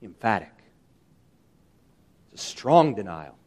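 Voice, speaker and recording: A man preaching a sermon, emphatic and animated, often asking his listeners rhetorical questions. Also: high-pitched, normal speed. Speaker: pastor.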